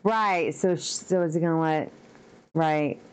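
A woman's voice: sits low, measured pace, clean tone. A young woman co-hosting a reaction video, mostly answering with short agreeing replies. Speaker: co-host. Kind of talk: casual reaction chat.

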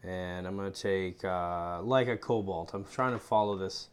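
A man's voice: sits low, steady tone, moderate pace, clear, resonant tone. A man playing a board game on a live stream, eagerly asking rule questions and laughing often in casual chat.

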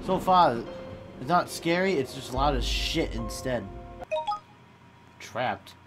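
A man's voice: medium pitch, lively intonation, slow pace. A young man casually commenting on a game, swearing often and reacting jumpily to scares, with music in the background. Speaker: gaming channel host.

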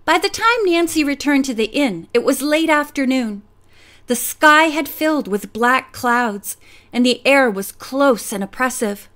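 A woman narrating a mystery novel as an audiobook, clear and even. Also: high-pitched, measured pace.

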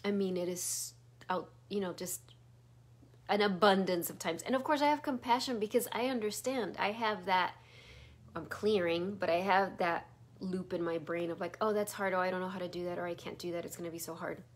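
Middle-aged woman, spiritual teacher, soft meandering delivery with whispered asides. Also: fairly low pitch, brisk. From Chicago area. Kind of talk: guided spiritual talk.

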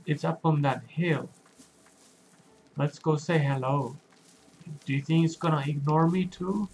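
This is gentle gameplay narration for children by a male streamer with a fairly high, slightly mellow voice. He speaks slowly and simply, quizzing his young audience as he plays, over a rough recording with slight background noise.

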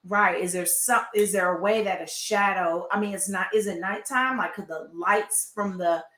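A woman reacting to videos in a casual chat, thinking out loud and standing firm. Her voice bounces around an echoey room, and her pitch sits in the middle. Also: normal speed. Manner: skeptical, firm, reasoning aloud.

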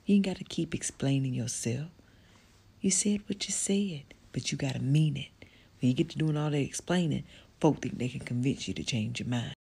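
A middle-aged woman giving a slow, gentle, affectionate motivational talk to the listener. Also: rumbling low, vocal fry, breathy edge. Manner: slow, soft, affectionate, drawling speech with many endearments. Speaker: motivational speaker. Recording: faint background noise.

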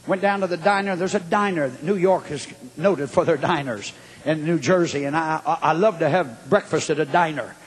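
A man preaching a fiery revival sermon with a husky voice, dropping low to tell a story and rising to shouts. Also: moderate pace. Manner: swings from low storytelling to shouted high exclamations. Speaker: evangelist preacher. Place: large hall at a revival meeting. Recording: long hall reverb.

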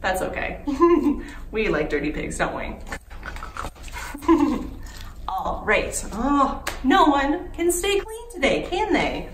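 Story time with a librarian: she reads a picture book to young children in a high-pitched, slow voice with long pauses. She's exclamatory and animated, often gasping and asking the kids questions. The recording has room echo, a distant mic, and faint background noise.

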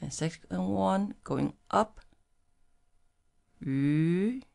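Slow, gravelly Chinese woman teacher. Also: deep voice, very animated, darkish tone. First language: Mandarin Chinese. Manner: slow, clearly modelled syllables. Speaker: Mandarin teacher. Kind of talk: language lesson with tone drills.

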